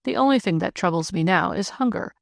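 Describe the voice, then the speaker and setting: A woman's voice: on the low side, expressive, brisk, creaky, no room sound, clean studio sound. A woman reading a hearty widowed ploughman. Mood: earnest. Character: sturdy widowed farm ploughman, warm, good-humored.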